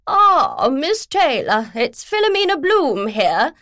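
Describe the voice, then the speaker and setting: A woman voicing a loud, posh, impatient older female literary agent with a booming, haughty, drawn-out delivery. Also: big pitch swings, no room sound, clean studio sound, heavily acted. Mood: imperious.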